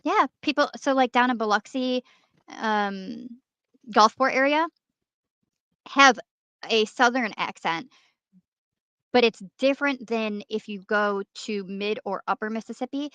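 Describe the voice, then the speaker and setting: A woman from New York in a casual chat, talking in an animated, chatty way. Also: fairly high pitch, measured pace, long pauses, clear, resonant tone, no room sound. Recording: dry dull lo-fi audio.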